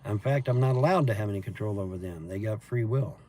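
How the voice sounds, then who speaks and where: Man, dark mellow voice, profane rambling livestream chat, faint background hiss. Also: fairly low pitch, fast. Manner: profane, meandering storytelling with laughs. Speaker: livestream host reading chat.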